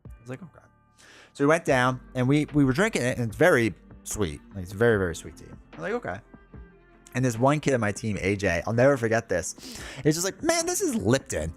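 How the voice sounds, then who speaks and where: A man talks loosely and casually to his stream chat, drifting from one story to the next with frequent laughs. His voice sits at an everyday middle pitch, with soft music playing faintly behind him. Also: expressive, fast talker. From United States. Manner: rambling, chatty, laughs often. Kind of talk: casual livestream chat with viewers.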